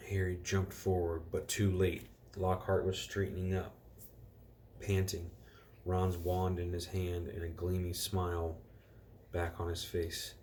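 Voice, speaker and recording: A man with a very deep, low voice reads a storybook chapter aloud to children at home. His delivery is relaxed and informal, and he fixes his own slips as he goes. A faint background noise sits under the reading. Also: measured pace. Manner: relaxed, corrects himself and rereads.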